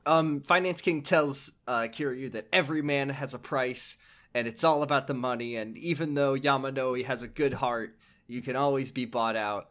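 A man's voice: medium pitch, normal speed, fairly bright tone. Rambling, swearing male podcast host. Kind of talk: casual game recap.

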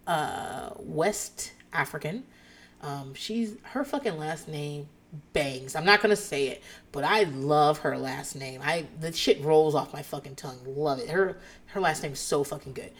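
A woman in her thirties hosting a podcast, telling a rambling personal story in casual chat, swearing freely and laughing often. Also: low-pitched. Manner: profane, animated, laughs often. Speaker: podcast host.

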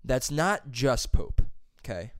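A young plumber's helper rambles casually through a story from work, swearing constantly. His clear, resonant voice sits at a middle pitch with big swings, moving at a slow pace. The recording is close and dry, with no echo.

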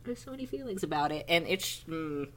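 A young woman in casual podcast chat, animated, laughing often and groaning in mock despair. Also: low voice, fast. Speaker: podcast co-host.

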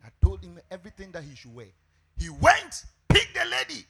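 Animated husky-voiced Ghanaian preacher, high and lively. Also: male voice, a little fast. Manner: animated storytelling preacher, shouting on key points. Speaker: pastor. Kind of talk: sermon.

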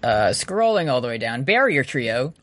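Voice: mid-range voice, very animated, normal speed. A podcast co-host in a casual outro, joking and laughing often while rattling off long lists of names.

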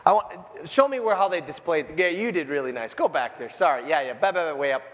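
A man preaching a sermon as pastor, in an animated, informal way with jokey asides. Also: fairly high pitch, quick pace, long reverb tail. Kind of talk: conversational sermon. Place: church sanctuary.

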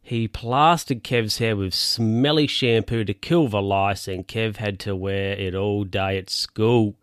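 A man's voice: fairly low pitch, slow pace, clean tone, dry recording, studio quality. A man reading a children's picture book aloud, breaking off for wry, amused asides. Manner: amused, ad-libbing wry comments. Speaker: reader.

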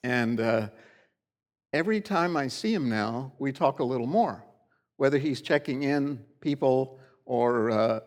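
A middle-aged man preaching a sermon in a church, in a conversational, folksy storytelling way. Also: medium pitch. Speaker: pastor. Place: church sanctuary.

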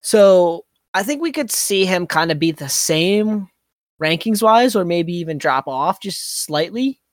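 A man's voice: high voice, lively intonation, unhurried, no room sound, clean studio sound. A man co-hosting a fantasy basketball podcast, talking casually and hesitantly with many filler words. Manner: hesitant, many likes and you-knows. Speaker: podcast co-host.

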